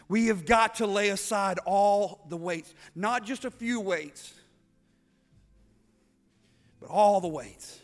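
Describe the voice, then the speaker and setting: High bright-voiced preacher guy, keeps repeating himself and asking why, music under it. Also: slow pace, long pauses. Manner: preaching with rising intensity, repeating phrases, rhetorical questions. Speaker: pastor. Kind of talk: sermon.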